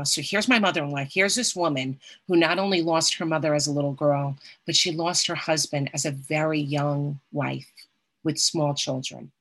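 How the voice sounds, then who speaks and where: Low-pitched middle-aged woman talking earnestly about her recovery, keeps saying right?. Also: creaky, fairly bright tone. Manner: earnest, often adds "right?". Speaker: recovery group speaker. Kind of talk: personal recovery talk.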